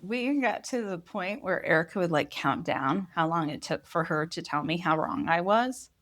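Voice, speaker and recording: A woman co-hosting a casual podcast chat, telling stories in an animated way and laughing as she talks. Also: lowish voice, moderate pace. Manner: animated storyteller, laughs while talking. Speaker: podcast co-host.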